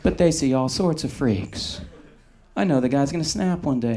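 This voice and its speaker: A man doing a stand-up comedy set on stage with a dry, deadpan delivery. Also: a little high, moderate pace. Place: comedy club stage before a live audience.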